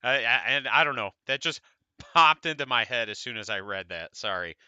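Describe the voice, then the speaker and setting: A medium-pitched, animated male voice moves at a moderate pace, bright and forceful yet smooth. He's an American podcast co-host casually rambling about tabletop wargames, swearing now and then. The recording is dry.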